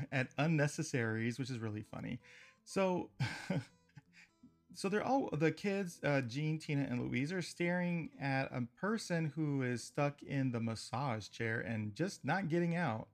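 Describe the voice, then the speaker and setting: A man's voice: a little high, lively intonation, unhurried, faint music behind. A man hosting a podcast, casually recapping a cartoon episode. He is chatty and laughs often between remarks. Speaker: podcast host.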